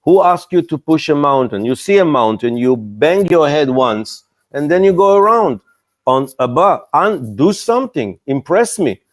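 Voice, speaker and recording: A man's voice: a little high, big pitch swings, a little slow. An older man speaking as an investor on a panel, blunt and exasperated, often mocking founders. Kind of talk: animated panel talk.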